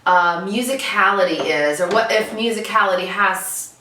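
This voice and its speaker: Bright woman host of a casual interview, roomy far-off recording with faint room ambience. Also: mid-range voice, moderate pace, slight background noise. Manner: interviewer, encouraging, asks follow-ups.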